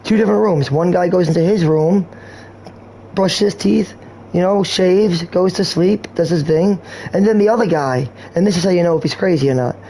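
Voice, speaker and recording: Rambling man with a mellow voice. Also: high-pitched, moderate pace, a little hiss or hum, poor audio. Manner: rambling, meandering jokes, crude. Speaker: gaming streamer. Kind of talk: rambling gameplay commentary.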